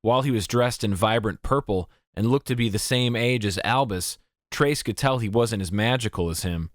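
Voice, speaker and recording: Speaking at a moderate pace, a low-voiced man narrates an audiobook from a script. The recording is studio quality, free of echo.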